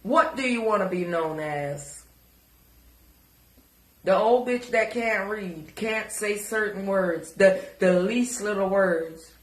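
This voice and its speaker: A woman's voice: medium pitch, slow pace, reverberant. A woman giving crude, taunting reaction commentary and repeating words to mock someone. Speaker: commentary vlogger.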